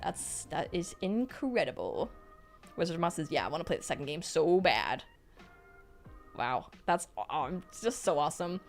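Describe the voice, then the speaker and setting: A young woman streaming live, reading out chat messages and reacting in a bubbly, excitable way. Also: low voice, normal speed, soft background music.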